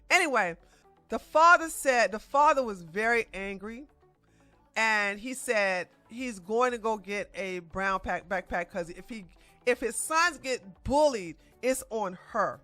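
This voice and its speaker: A woman's voice: on the high side, sharp tone, dry recording. A woman hosting her own channel, giving blunt, emphatic and scolding celebrity commentary.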